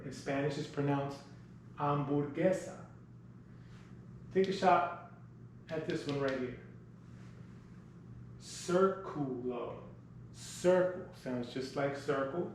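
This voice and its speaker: A man's voice: mid-range voice, a little mellow, distant mic, a little hiss or hum. Man teaching in an echoey classroom. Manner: patient, explains step by step, sounds words out slowly. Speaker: Spanish teacher. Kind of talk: classroom demo lesson. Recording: very echoey classroom, from the mic, music behind.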